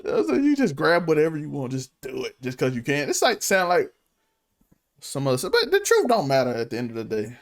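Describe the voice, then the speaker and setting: A co-host chats casually on a podcast. The voice is lively and expressive, swinging widely up and down in pitch as they react. The pitch itself sits in the middle range. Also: brisk. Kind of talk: casual chat.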